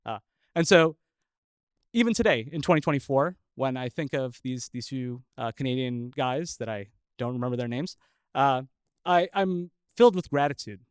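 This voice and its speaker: A man who is a scientist telling a personal story live, chuckling often and pausing with filler uhs. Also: mid-range voice, expressive, smooth, no room sound.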